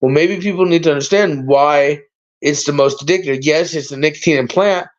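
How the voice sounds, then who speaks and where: A man's voice: on the high side, fairly quick. A man hosting a casual livestream chat, rambling and swearing as he talks. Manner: rambling, profane, animated. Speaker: livestream host. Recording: dull lo-fi sound.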